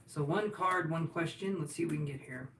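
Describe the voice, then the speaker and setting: A chatty man with a fairly high voice gives tarot readings on a livestream, joking with his viewers as he goes. He sits back from the mic in a roomy space, and a faint hum of room noise runs underneath. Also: a little fast, a bit bright, distant mic. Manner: joking, chatty, answers viewers' questions aloud. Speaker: tarot reader. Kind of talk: casual livestream chat.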